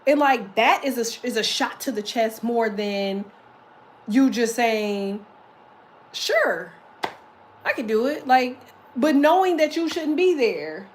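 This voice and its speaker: A woman giving a casual tarot reading, blunt and profane, talking in emphatic, lively rants. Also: fairly high pitch, measured pace, a little hiss or hum, poor audio. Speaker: tarot reader.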